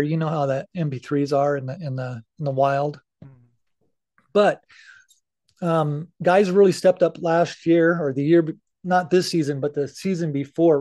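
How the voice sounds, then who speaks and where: High-voiced earnest middle-aged man. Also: a little mellow. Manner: earnest, candid, swears casually. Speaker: podcast guest. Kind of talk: casual interview talk.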